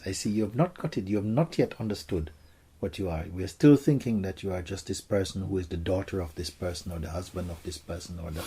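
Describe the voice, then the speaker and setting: A man, a spiritual teacher, gently telling stories and answering questions for a gathering in a soft, hushed way. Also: sits low, breathy edge. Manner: soft-spoken, gentle storytelling, often drops to a hush.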